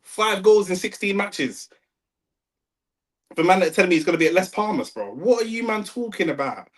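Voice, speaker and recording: A young man with a London accent, talking slangy and excitable over a live football match and arguing with his chat. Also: high-pitched, normal speed. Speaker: watch-along streamer. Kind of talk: live football watch-along commentary.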